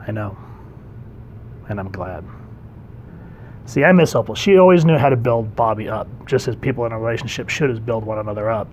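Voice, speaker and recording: A man's voice: lowish voice, a little fast, long pauses, slight background noise. Enthusiastic man reviewing comics. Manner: enthusiastic, conversational with frequent fillers. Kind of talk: casual commentary.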